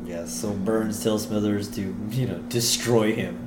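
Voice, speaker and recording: A man's voice: on the low side, fairly even intonation, unhurried, background noise. A man co-hosting a podcast, recapping a cartoon episode in casual chat and retelling scenes eagerly. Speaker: podcast co-host.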